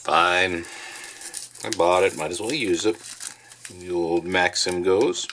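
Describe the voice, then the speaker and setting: A man casually reviewing military rations in his basement, chatty and relaxed with plenty of fillers. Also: low voice, slow, slight background noise. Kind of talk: casual food review vlog. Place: home basement.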